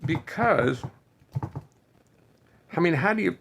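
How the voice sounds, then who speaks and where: A hoarse man hosting a casual livestream for fans, chatting loosely, thinking aloud and greeting viewers by name. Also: a little high, sing-song, moderate pace, pauses often, a little hiss or hum. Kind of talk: rambling casual livestream chat.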